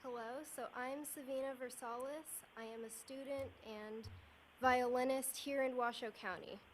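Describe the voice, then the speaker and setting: A woman's voice: high voice, fairly even intonation, moderate pace, slight background noise, low-quality recording. A young woman, a student, reading a composed, prepared statement at a county meeting into a podium microphone. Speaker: student speaking at public comment. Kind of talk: prepared public speech. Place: county commission meeting room.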